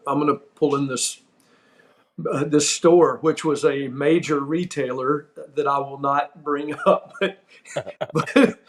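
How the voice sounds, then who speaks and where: A man hosting his podcast, spinning a long, animated anecdote and breaking into laughter as he goes. His voice sits a little higher than most men's. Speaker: podcast host. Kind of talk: storytelling anecdote.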